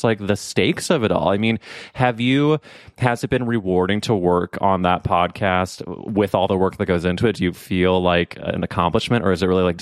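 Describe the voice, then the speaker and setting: A young man hosting a casual podcast chat, talking in a chatty, animated way and swearing casually. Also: deep voice, no room sound, clean studio sound. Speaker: podcast host.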